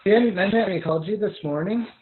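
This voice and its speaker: A man's voice: sits high, normal speed, narrow, tinny audio, natural voice. A man reading the part of a sarcastic young video clerk in a live script reading, teasing and lecturing. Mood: needling.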